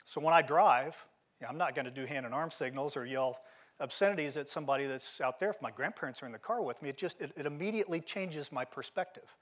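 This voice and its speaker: A man's voice: fairly high pitch, fast talker, a bit bright. A middle-aged man giving a motivational keynote at a seminar, telling stories in a direct, emphatic way. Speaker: keynote speaker. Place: seminar venue.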